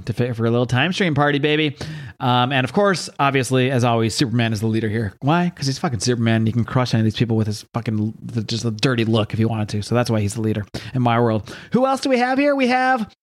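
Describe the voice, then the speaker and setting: A man hosting a podcast, recapping a comic book with irreverent humor and plenty of swearing. He speaks at an ordinary pitch, laughs often and rambles, correcting himself now and then. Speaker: podcast host.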